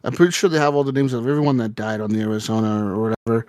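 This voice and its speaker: A man telling a story on a casual podcast, his voice sitting at an ordinary middle pitch. He rambles and swears freely as he goes. The recording is dry, with almost no room sound. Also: very fast, a little mellow, dry recording. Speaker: podcast co-host. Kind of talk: casual chat.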